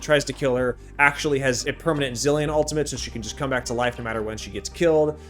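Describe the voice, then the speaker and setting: A man giving a casual, sarcastic anime review with big jumps in pitch. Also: fairly even intonation, quick pace, hardly any pauses, fairly bright tone, faint music behind. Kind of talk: casual commentary.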